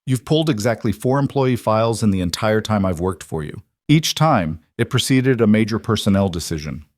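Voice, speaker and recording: A man's voice: lowish voice, animated, brisk, dry recording, clean studio sound, close to an everyday voice. A man voicing a polite, careful female executive assistant who speaks formally and deferentially.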